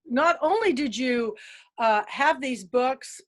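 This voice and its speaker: A woman's voice: sits high, lively intonation, takes it slowly. A woman from Kansas hosting an interview, gushing and enthusiastic in casual chat. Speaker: host.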